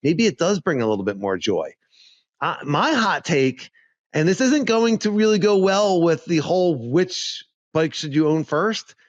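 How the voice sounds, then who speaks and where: A man co-hosting a podcast in casual chat, animated and repeating himself, laughing often. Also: fairly high pitch, dry recording, muffled recording. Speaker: podcast co-host.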